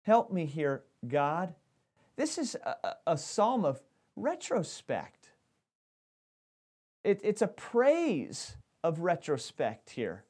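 A man's voice: a little high, wildly swooping pitch, slow pace, a little mellow, breathy edge. A man preaching a sermon as pastor, talking animatedly and often restarting his phrases.

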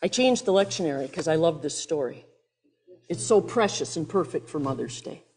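A woman pastor preaching a sermon, retelling a Bible story expressively and dropping into soft near-whispers. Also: low voice, lively intonation, normal speed, husky, faint music behind.

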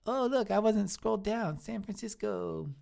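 A man's voice: sits high, normal speed, vocal fry. A man playing a sweet, shy male restaurant cook in his thirties, who talks in an earnest, rambling way in improvised live-stream comedy. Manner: earnest, easily flattered, rambling.

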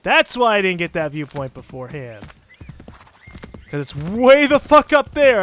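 A man with a central North American accent, giving casual let's play commentary, excitable and swearing freely. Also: on the high side, slight background noise. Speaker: gaming commentator.

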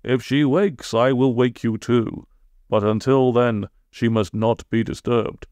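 Earnest old-fashioned hero as a man puts him on, slow grand delivery, theatrical, dry sound. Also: medium pitch, steady tone, darkish tone, dry recording, close to an everyday voice.

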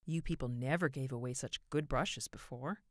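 A kindly older mother speaks softly and gently in a storybook voice, read by a woman. The sound is dry and close. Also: very deep voice, normal speed, no echo. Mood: gentle.

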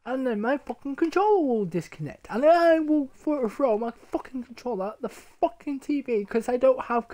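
A man's voice: very high-pitched, lively intonation, moderate pace, few pauses, darkish tone. A man streaming a game live, swearing constantly and grumbling in frustration as he plays. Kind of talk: live gameplay commentary.

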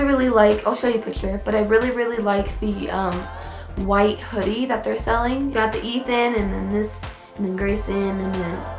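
A young woman with a sick, hoarse voice, chatting casually to camera about her holiday wish list. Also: on the high side, reverberant. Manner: chatty, upbeat, rambling. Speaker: vlogger.

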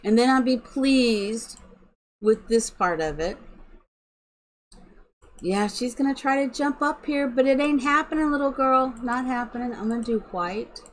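A middle-aged woman chatting slowly while streaming a building game at home, talking sweetly to her cat. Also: fairly high pitch, low-quality recording. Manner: slow and chatty, cooing baby talk to her cat. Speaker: live streamer. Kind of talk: casual game-stream chat.

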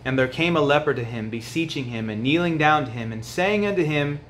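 Male preacher, fervent sermon delivery, big swings from quiet to loud, slightly high voice. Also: lively intonation, fairly quick, slight background noise. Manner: passionate, swings from hushed lows to loud pleading highs.

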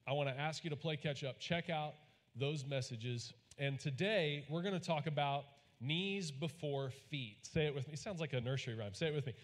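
A Texan pastor with a slightly high voice and normal speaking speed preaches in a folksy storytelling style, getting the congregation to repeat lines back. The large church hall gives the recording a long reverb.

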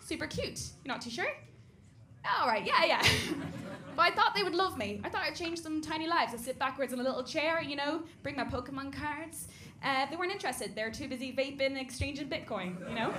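An Irish woman performing a stand-up comedy set on a club stage, mostly deadpan, with sudden loud punchlines. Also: high voice. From Ireland. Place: comedy club stage before a live audience. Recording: live club recording with audience noise.

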